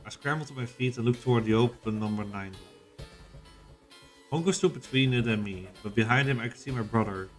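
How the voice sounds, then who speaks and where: A man's voice: mid-range voice, brisk, soft background music. A man streaming a visual novel, reading the narration aloud and reacting casually, with plenty of swearing.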